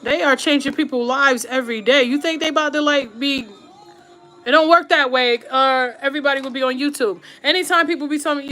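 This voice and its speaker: Doing her makeup on stream, this woman talks to her viewers directly in a high-pitched, sharp-toned voice that runs a little fast. A YouTube streamer and podcaster, she hands out blunt, slangy advice and says things more than once to drive them home.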